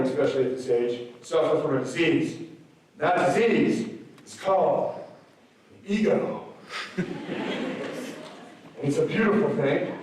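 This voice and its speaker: A man in his thirties, his voice sitting a little high, delivers a punchy motivational speech to students. He fires rhetorical questions at them directly. He is heard from a distance in a very echoey hall. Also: darkish tone. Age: 30s. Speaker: motivational speaker. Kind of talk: motivational speech to a school assembly. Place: large school gym or auditorium.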